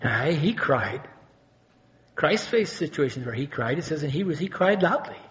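A male pastor delivers an animated sermon at a moderate pace in a slightly high voice. He swings between loud exclamations and quiet intensity, posing rhetorical questions to the congregation.

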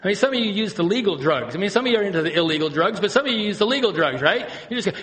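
Male pastor, high voice, animated sermon delivery, dips to quiet intensity then climbs to loud emphasis. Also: quick pace, few pauses. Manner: animated preaching, swings from hushed to loud and high.

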